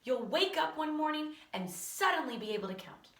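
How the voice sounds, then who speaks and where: A woman reading aloud and voicing a calm, quirky female schoolteacher who speaks patiently and matter-of-factly. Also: sits high, moderate pace, pitched above the performer's own voice. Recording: roomy echo, distant from mic.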